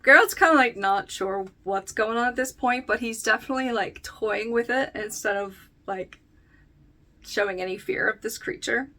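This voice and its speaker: A woman's voice: a little high, moderate pace, sharp tone. Chatty young woman recapping a book. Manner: chatty, filler-heavy, laughs often, reads book passages aloud. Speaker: book reviewer. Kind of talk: casual book-versus-show recap.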